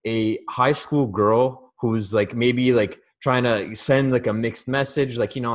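A man's voice: medium pitch, fairly even intonation, unhurried, few pauses. A man co-hosting a casual sports podcast, chatty and sarcastic, with lots of "like" fillers. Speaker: podcast co-host.

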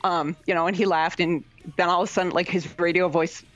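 Animated woman with a Midwestern accent, dull remote audio. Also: brisk, no room sound. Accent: Midwestern American. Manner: animated, acts out quoted voices with big pitch jumps. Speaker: guest. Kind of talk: storytelling interview.

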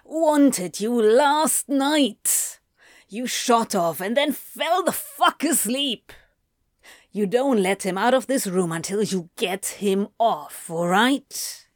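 A woman's voice: mid-range voice, lively intonation, slow pace, no echo. Woman playing scheming male demon, hissed urgent orders, storybook voice, dry close sound. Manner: urgent hissing whisper. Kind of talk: audiobook fan fiction reading.

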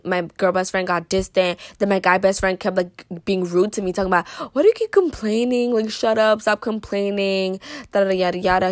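A woman's voice: medium pitch, dry recording. Teen girl rambling thru a storytime, tons of likes, joking n dramatic, dry close sound. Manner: rambling, heavy use of "like" and "you know". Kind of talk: casual storytime monologue.

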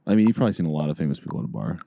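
A man co-hosting a podcast, chatting casually and telling loud, playful bar stories. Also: extremely low pitch, expressive, racing, gravelly, a little hiss or hum. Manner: loud, playful storyteller acting out bar encounters. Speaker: podcast co-host. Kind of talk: casual chat.

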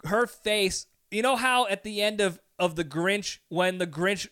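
This male podcast host has a high, bright, clear voice and talks a little slowly in a casual chat. He spins a comic story with animation, acting out scenes and laughing frequently.

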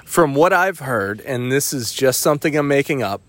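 A man hosting a podcast, rambling through jokes with halting restarts in casual chat. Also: mid-range voice, animated, fairly bright tone, no room sound. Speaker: podcast host.

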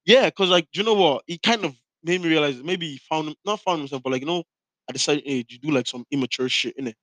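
A young man from Ireland co-hosting a casual podcast chat, with loose slangy banter and quick laughs. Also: a little high, a bit bright, dry recording, rough recording. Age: young adult. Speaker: podcast co-host.

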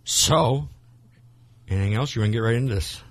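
A man's voice: mid-range voice, a little fast. A man co-hosting a casual podcast, rambling with lots of fillers and restarts. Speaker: podcast co-host. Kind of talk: casual chat.

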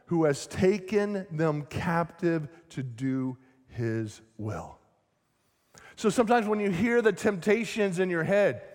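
A male pastor preaching a lively sermon with self-deprecating humor. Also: on the high side, in a large hall. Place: church sanctuary.

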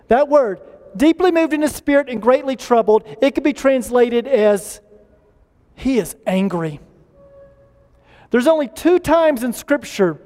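A pastor preaching a sermon earnestly, rising in emphasis and slowing down to stress key lines. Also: male voice, extremely high pitch, darkish tone, big-room sound.

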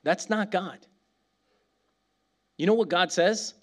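A man preaching a casual, animated sermon, laughing often and acting out little dialogues. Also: high-pitched, slow pace, pauses often. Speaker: pastor.

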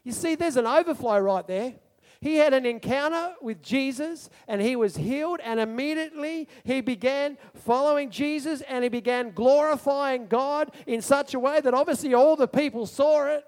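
High-voiced preacher in an echoey hall. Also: male voice, moderate pace. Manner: animated storytelling, asks the congregation questions. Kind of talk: sermon.

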